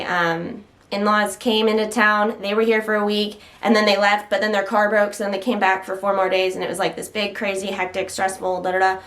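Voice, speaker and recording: A woman's voice: mid-range voice, fairly bright tone. Woman vlogging at home standing up, a bit out of breath, rambly, trips over words sometimes. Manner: rambling, self-interrupting, chatty; occasional stutters. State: slightly out of breath. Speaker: health vlogger. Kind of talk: casual chat to camera. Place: home, standing while filming.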